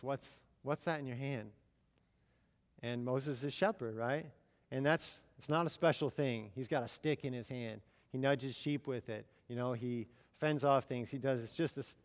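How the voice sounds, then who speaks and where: Conversational preacher in a reverberant hall. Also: male voice, medium pitch, normal speed. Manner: conversational, chatty, with fillers and quoted dialogue. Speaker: missionary speaker. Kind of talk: sermon storytelling. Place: church.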